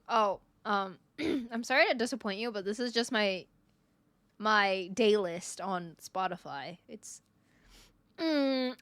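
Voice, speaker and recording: Greeting her live-stream viewers one at a time, a twentysomething woman talks casually into a desk mic, her bright, forceful, rather high voice straining and giving out as she coughs. The audio is dry.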